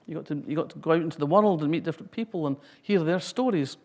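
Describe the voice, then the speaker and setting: A woman's voice: low-pitched, fast, a little mellow. A Scottish woman in her sixties giving a public talk, reading a passage and then telling wry, humorous anecdotes.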